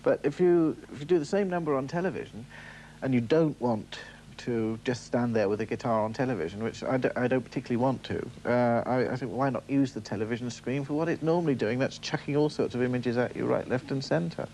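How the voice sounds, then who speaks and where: A man with a medium-pitched voice talking casually in an interview. He explains his songwriting in a relaxed, unhurried way with a faint hum behind him. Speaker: singer-songwriter guest.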